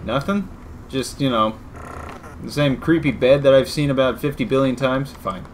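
A man's voice: mid-range voice, normal speed, slight background noise. Joking man doing gameplay commentary. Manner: joking, sarcastic asides. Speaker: video game let's-player.

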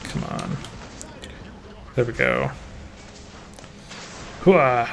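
A man streaming a game live, chatting casually in a relaxed, self-deprecating way and mumbling to himself. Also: mid-range voice, very slow, gravelly, over music.

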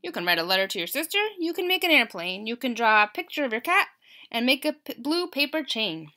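A clever storybook machine patiently lists its answers one after another, as a woman reads it aloud. Its voice sits on the high side and carries clearly to young listeners. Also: a little fast, heavily acted. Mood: helpful. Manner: calm listing of answers. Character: helpful talking homemade machine, patient and clever.

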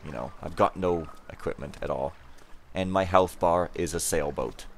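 Deep-voiced rambling let's play guy. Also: normal speed, slight background noise. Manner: rambling, self-mocking, jokey asides. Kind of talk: casual gameplay commentary.

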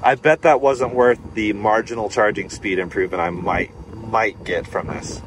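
A man narrating a charging stop in a relaxed, wry way, joking to himself as he waits. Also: on the low side, moderate pace, rough recording. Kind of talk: casual vlog narration. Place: outdoors at a charging station. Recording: outdoors with wind buffeting the mic.

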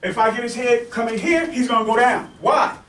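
Male self-defense instructor, very high voice, repetitive check-ins while demonstrating; echoey space, distant mic. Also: fairly quick, a bit bright, a little hiss or hum. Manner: repetitive, checks in with "okay?" and "right?"; demonstrating moves on a partner. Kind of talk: teaching demonstration. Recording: echoey room, mic far off.

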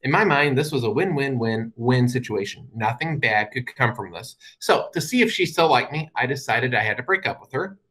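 A man's voice: mid-range voice, expressive, moderate pace, hardly any pauses, fairly bright tone, poor audio. A man giving a talk as a guest speaker, telling stories with a wry, humorous touch and plainly explaining his points. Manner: wry, humorous storytelling with dry asides. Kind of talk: storytelling presentation to an audience.

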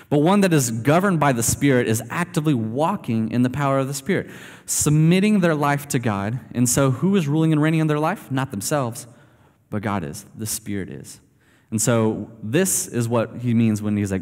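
A man's voice: mid-range voice, lively intonation, moderate pace, a little mellow. Male pastor, easygoing conversational sermon delivery, reverberant sanctuary sound. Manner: casual, conversational preaching with many fillers. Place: church sanctuary. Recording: long hall reverb.

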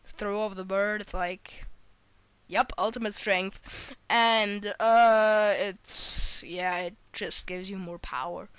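Woman let's player, bright higher voice, chatty and excitable, jokes at her own expense, dry close sound. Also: smooth, no room sound. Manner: chatty and excitable, filler-heavy, self-deprecating. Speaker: let's play gamer. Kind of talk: gameplay commentary.

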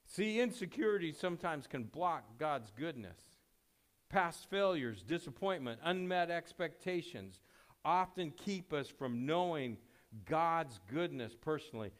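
Guy preaching a sunday sermon, kinda chatty, lots of uh's and restarts, voice a bit on the high side. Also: lively intonation, unhurried. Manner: conversational preaching with many fillers and self-corrections; rises loud and high when reading scripture aloud. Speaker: pastor.

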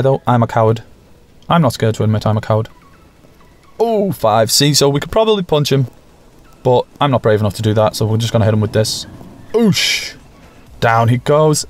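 Gaming host, man, mid-pitched, joking and self-deprecating, faint music underneath. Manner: jokey and self-mocking, excited bursts. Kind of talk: casual gameplay commentary.

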